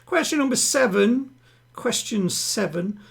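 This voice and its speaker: A man hosting a live-streamed home quiz, chatting with players and reading each question twice, slowly. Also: very high voice, lively intonation, creaky, breathy edge. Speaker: quiz host. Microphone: home streaming setup.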